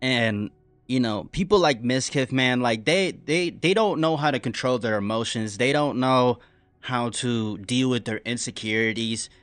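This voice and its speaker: A man reacting to a stream in casual commentary, rambling with many fillers and slang, dropping quiet and then bursting out loud. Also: mid-range voice, unhurried, smooth, no echo.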